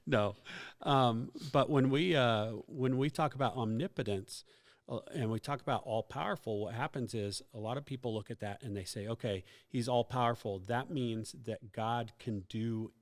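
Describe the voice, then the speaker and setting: A man hosts a casual faith podcast for a youth group. He explains things patiently, like a teacher, with plenty of ums and uhs along the way. His voice sits at an ordinary middle pitch. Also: moderate pace. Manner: explanatory, teacherly, many fillers and asides. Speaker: youth ministry podcast host.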